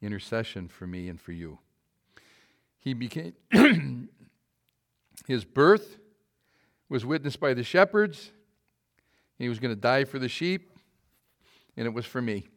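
A man's voice: mid-range voice, animated, a little slow, long pauses. Man preaching emphatically in church. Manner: emphatic, asks the congregation questions; swings from loud to quiet. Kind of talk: sermon. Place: church before a congregation.

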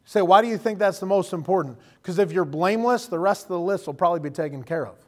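A man's voice: high voice, fast talker, darkish tone. A man preaching a sermon in a folksy, joking way, acting out quoted voices. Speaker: pastor.

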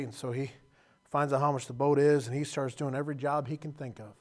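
A man's voice: medium pitch, fairly even intonation, normal speed, long pauses. Man preaching an emotional sermon. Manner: emotional storytelling, swinging from loud to hushed.

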